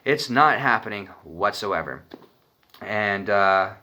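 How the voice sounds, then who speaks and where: A man's voice: on the low side, animated, slow pace, pushed and bright. A young man from Arizona telling a personal story in a rambling, profane, casual way. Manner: profane, rambling, laughs when nervous.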